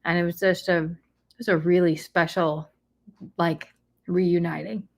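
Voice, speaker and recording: A woman telling a personal story in casual chat, soft-spoken and hesitant, searching for words. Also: fairly low pitch, flat delivery, unhurried, vocal fry. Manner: soft, hesitant, many fillers and restarts. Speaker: co-host recounting a personal experience.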